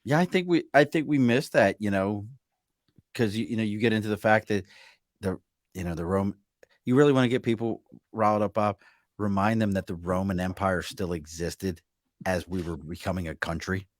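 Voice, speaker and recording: A man's voice: on the low side, normal speed, no echo, clean studio sound. Joking Baltimore man hosting a podcast. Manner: animated, joking, teasing. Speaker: podcast host. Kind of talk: casual interview chat.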